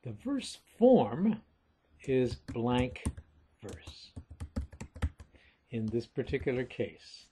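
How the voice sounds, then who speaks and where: A man teaching literature in a recorded lecture, explaining things deliberately and calling his listeners folks. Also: medium pitch, very animated, mellow, a little hiss or hum.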